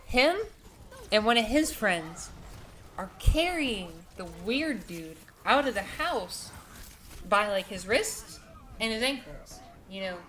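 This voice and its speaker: A woman's voice: medium pitch, expressive, slow pace, fairly bright tone. Rambling young woman telling a story. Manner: rambling, profane, heavy with "like" and "you know". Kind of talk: casual storytelling vlog.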